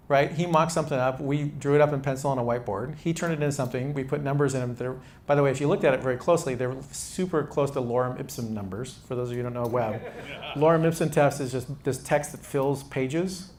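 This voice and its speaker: A man's voice: mid-range voice, fairly even intonation, quick pace, darkish tone. A man mentoring startup founders in a casual, conversational talk to a live audience, with frequent restarts.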